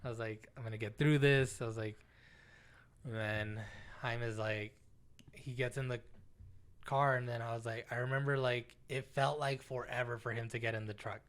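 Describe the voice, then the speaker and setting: A man's voice: mid-range voice, normal speed, pauses often. A young man co-hosting a podcast, telling a story in casual chat, swearing freely and acting out what people said. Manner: animated, swears freely, acts out quotes. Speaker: podcast co-host.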